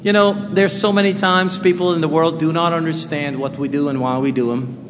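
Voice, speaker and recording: Male preacher, high voice, chatty and animated, big hall reverb. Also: a little fast, background noise. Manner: conversational, animated, joking with the congregation. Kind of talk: sermon. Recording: long hall reverb, faint ambience.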